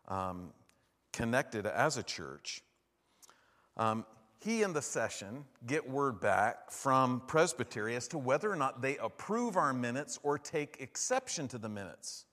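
A man's voice: mid-range voice, a bit bright. Preaching man in a reverberant church. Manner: conversational, asks "right?" often, acts out quoted voices. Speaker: pastor. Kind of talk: sermon. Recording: long hall reverb.

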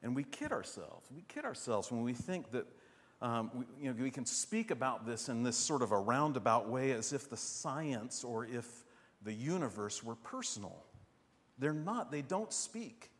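A man preaching a sermon in an animated, rhetorical way, often asking "right?". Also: medium pitch, normal speed. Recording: long hall reverb.

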